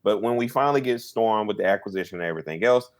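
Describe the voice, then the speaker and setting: Lowish voiced guy co-hosting a podcast, rambles a lot, restarts sentences. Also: very fast. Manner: rambling, animated, lots of fillers and restarts. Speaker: podcast co-host. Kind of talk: casual chat.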